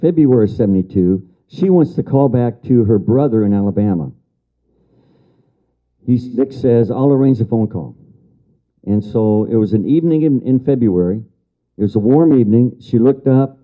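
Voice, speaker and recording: An older man lectures to an audience in a storyteller's way, repeating key phrases for emphasis and answering remarks from the room. His voice sits at a middle pitch, and the lecture recording sounds somewhat dull and lo-fi. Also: lively intonation, moderate pace.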